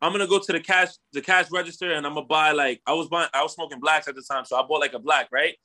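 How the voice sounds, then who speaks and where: A young man with a slightly high voice talks fast as he tells a story in casual chat. He's animated and slangy, swearing and ending lines with "bro" and "right?".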